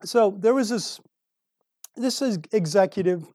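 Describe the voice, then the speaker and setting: Conversational preacher with a dry sound. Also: male voice, high voice, measured pace, a little mellow, no echo. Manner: conversational storytelling, with throat clearing. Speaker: pastor. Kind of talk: sermon. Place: church service room.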